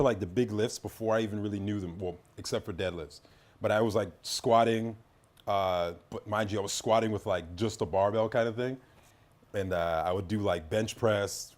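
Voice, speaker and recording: A Canadian-raised man chatting on a podcast, telling a long rambling story with many restarts and asides. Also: on the low side. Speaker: podcast guest. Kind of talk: casual podcast chat.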